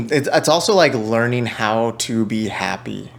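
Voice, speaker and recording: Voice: medium pitch, measured pace, vocal fry. A podcast host chatting casually, telling stories with lots of laughter and acted-out quotes. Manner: animated storyteller, laughs often, acts out quotes. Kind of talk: casual interview chat.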